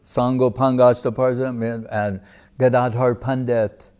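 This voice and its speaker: A man's voice: medium pitch, little pitch movement, measured pace, darkish tone, smooth. A man giving a devotional lecture to a live audience as a spiritual teacher, reciting verses, explaining them, and asking rhetorical questions with light humor.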